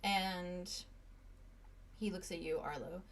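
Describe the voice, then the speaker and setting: A woman narrating a tabletop game as game master, in a relaxed way with many fillers. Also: lowish voice, slow, crowd noise.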